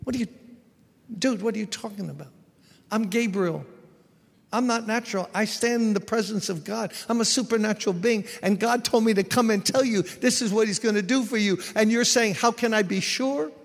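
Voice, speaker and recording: Preacher doing an exasperated archangel, higher pitch, gravelly, echoey hall. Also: male voice. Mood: indignant. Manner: incredulous, scolding, quickening. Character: exasperated archangel, blunt and indignant.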